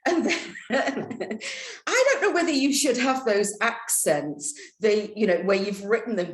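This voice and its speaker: A woman's voice: a little high, expressive, unhurried, roomy sound. A woman from the United Kingdom hosting an interview, chatty, laughing often and quoting herself in asides. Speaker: interviewer host. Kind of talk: casual interview chat.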